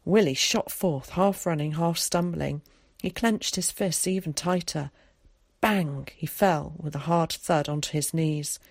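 A woman narrating an audiobook chapter in a measured, expressive storytelling voice. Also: deep voice, no room sound. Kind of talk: scripted narration.

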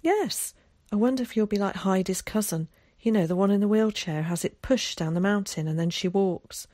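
A woman voicing an excitable, theatrical boy who chatters eagerly. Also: medium pitch, normal speed, no echo, clean studio sound, voice pushed up, natural voice. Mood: teasing.

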